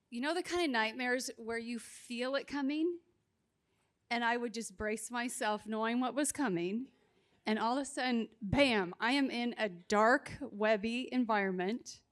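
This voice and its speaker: Higher-voiced woman, very slow, dramatic testimony at a live conference. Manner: slow, deliberate, dramatic storytelling. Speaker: abortion survivor panelist. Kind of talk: personal testimony on a panel. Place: conference stage.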